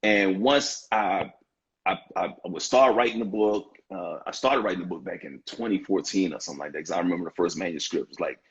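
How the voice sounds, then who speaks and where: A man's voice: sits low, brisk, husky, highs cut off. A man in his fifties, a guest in a live-streamed interview, talking in an emphatic, heartfelt way with frequent restarts and repeated phrases. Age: 50s. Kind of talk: earnest conversational interview talk.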